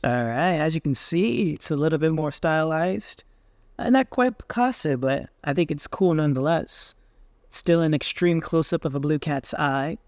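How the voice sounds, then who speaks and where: A man hosting a software tutorial, casually thinking aloud with fillers as he tries things on screen. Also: on the high side, normal speed, dry recording, clean studio sound. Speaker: tech tutorial host. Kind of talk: screen-recorded software walkthrough.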